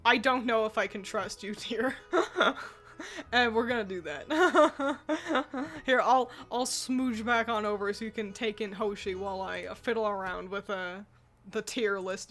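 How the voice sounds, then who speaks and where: A woman's voice: a little high, fairly bright tone. A woman co-hosting a casual chat, giggling often and rambling with fillers and restarts, swearing now and then. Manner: giggly, laughs often between phrases. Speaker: co-host ranking anime mascots. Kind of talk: casual chat while editing a tier list.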